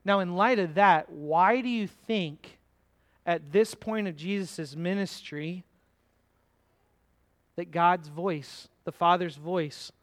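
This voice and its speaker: A man preaching a sermon in a conversational way, asking his listeners questions and slowing down to stress words from scripture. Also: high voice. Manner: conversational, asks the congregation questions. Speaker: pastor.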